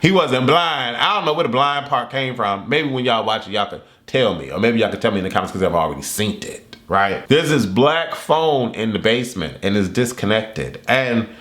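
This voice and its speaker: A man talking excitedly as host of a casual movie review vlog, acting out his own reactions and yelling along with the scenes. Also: mid-range voice, normal speed, few pauses. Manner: animated and excitable, acts out his reactions and yells at the screen. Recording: echoey room.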